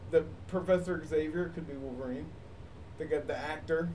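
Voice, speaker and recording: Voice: mid-range voice, flat delivery, moderate pace, a little mellow. A co-host chatting casually on a podcast, playful and laughing often. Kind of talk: casual chat. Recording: distant mic with faint background noise.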